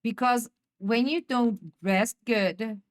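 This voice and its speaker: Woman, Dutch accent, slightly high voice, unhurried, chatty live-stream talk, laughs a lot. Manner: chatty, laughs often, repeats and restarts words. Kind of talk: casual live-stream chat with viewers.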